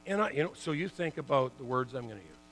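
A middle-aged man preaches in a church in a middle-pitched voice, telling stories with animated bursts that fall to a hush. A faint hum sits behind him. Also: quick pace. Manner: animated storyteller, loud bursts dropping to hushed. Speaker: guest preacher, former hockey player. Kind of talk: sermon testimony.

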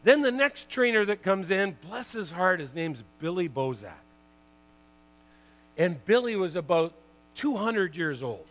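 A man in his sixties, a former pro hockey player, telling lively stories to an audience, full of "you know" and "like" and laughing at his own tales. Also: high voice, measured pace, low-quality recording. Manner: chatty, lots of "you know" and "like". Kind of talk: storytelling talk to an audience.

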